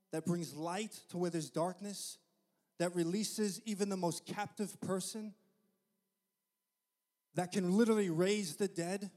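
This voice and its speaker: A man's voice: high voice, darkish tone. A man preaching a sermon to his church, impassioned and repeating phrases for emphasis. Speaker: pastor. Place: church sanctuary. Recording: long hall reverb.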